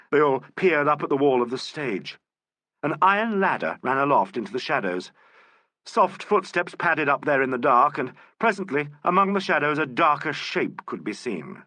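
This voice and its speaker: A man narrating a classic mystery novel as an audiobook in an expressive, even-paced way. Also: fairly high pitch, no room sound.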